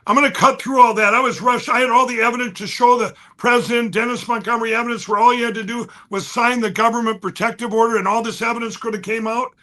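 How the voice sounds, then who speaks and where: High bright-voiced excited man. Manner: fast, restless, repeats and restarts, swings loud and soft. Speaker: guest. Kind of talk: excited conversational storytelling.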